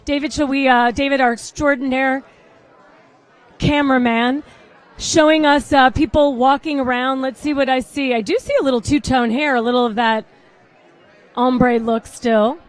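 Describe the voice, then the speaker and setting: Chatty red carpet host, woman, high voice, bubbly and easily sidetracked. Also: steady tone, normal speed, a faint crowd. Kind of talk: live event hosting. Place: red carpet at a salon event.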